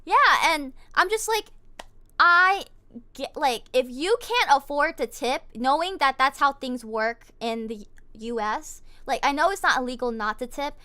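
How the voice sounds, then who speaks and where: A young woman streamer telling a story in casual chat, animated and indignant, with lots of fillers. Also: sits high, a little slow.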